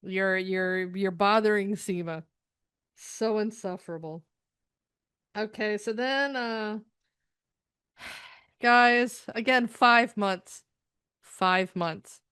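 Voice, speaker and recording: A woman's voice: medium pitch, drawn-out words, long pauses, fairly bright tone, clean tone, no room sound, studio quality. A middle-aged woman from the United States, ranting sarcastically through a TV episode review, exasperated and rambling.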